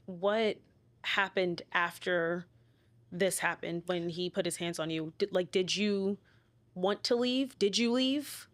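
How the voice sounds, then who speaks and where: A woman hosting a podcast interview, listening closely with soft affirmations and asking probing questions. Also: lowish voice, slow pace. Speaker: podcast host.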